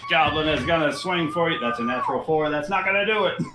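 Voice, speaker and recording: A man's voice: on the high side, fast talker, echoey room, noisy background. A man narrating a tabletop game as game master, describing the action dramatically.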